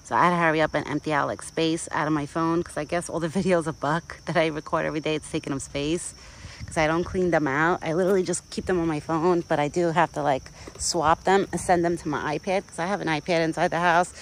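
A woman's voice: low-pitched, fairly even intonation, quick pace, slight background noise, poor audio. A young woman chatting casually outdoors as she vlogs on her phone, rambling on and cooing baby talk to a deer. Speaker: vlogger. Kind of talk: casual chat. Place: outdoors in a rural yard. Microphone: phone camera.

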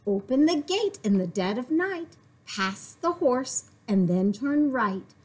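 A woman voicing two sneaky male thieves who whisper their plan in slow steps. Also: a little high, very animated, a little mellow, slightly rough, heavily acted.

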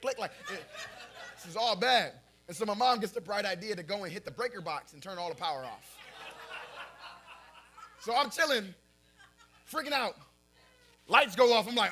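A young man preaching in a high, bright voice. He talks casually, with lots of fillers, and often breaks into laughter as he tells his stories. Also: brisk. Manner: animated storytelling, often laughing at his own story; casual filler-heavy talk. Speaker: pastor. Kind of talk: sermon.

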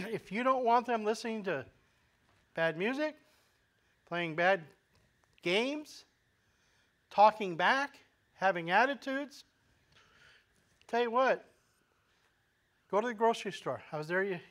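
A man with a fairly high voice for a man preaches a sermon in a relaxed, conversational manner. He asks the congregation questions and often restarts his words mid-phrase. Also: a little slow, pauses often. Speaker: pastor.

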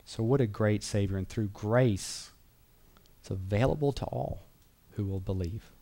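Man, Bible teacher, fairly low voice, earnest, conversational, repeats key phrases. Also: measured pace, gravelly, warm tone.

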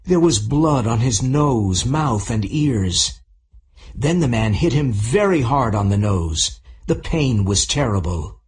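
A man narrating a simple audiobook for English learners, reading clearly and deliberately. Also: mid-range voice, expressive.

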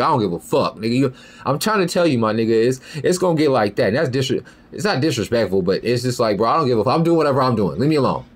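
A young man hosting a podcast in a rambling, profane casual monologue, often asking "you feel me". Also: medium pitch. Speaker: podcast host.

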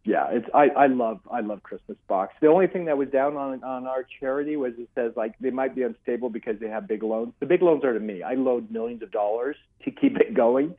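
A man's voice: mid-range voice, a little fast, hardly any pauses. An older man, a guest author, telling stories earnestly in a rambling way, with many restarts. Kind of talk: casual interview chat. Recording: phone-like call line.

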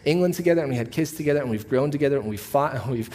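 A man who is a pastor, preaching a sermon in a church auditorium. He talks in a relaxed, conversational way, telling stories with a joking edge. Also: medium pitch, very fast. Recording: long reverb of a church hall.

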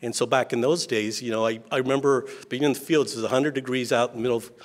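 A man's voice: medium pitch, fairly even intonation, quick pace. A middle-aged man giving an informal speech as a state legislator, folksy and self-deprecating, telling stories about himself. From Eastern Washington, USA. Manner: folksy, self-deprecating, acts out family dialogue.

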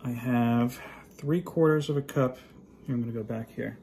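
A man's voice: medium pitch, moderate pace, warm tone, a little hiss or hum. A man hosting a casual home cooking vlog from his kitchen, filming by hand and joking at his own expense as he goes. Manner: jokey, self-deprecating, chatty with asides. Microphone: handheld phone camera.

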